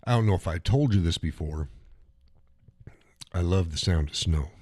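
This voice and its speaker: A middle-aged man with a very low voice talks casually to his live stream audience. He rambles, restarts phrases and chuckles often. The sound is dry and close, with no room echo. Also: animated, normal speed, a little mellow. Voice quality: chuckles often while talking. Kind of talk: casual solo chat.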